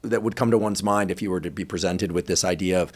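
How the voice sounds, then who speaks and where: Male interviewer, slightly low voice; polite, halting delivery full of ums. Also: fairly even intonation, a little mellow. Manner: hesitant, many fillers, polite. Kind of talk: casual interview conversation.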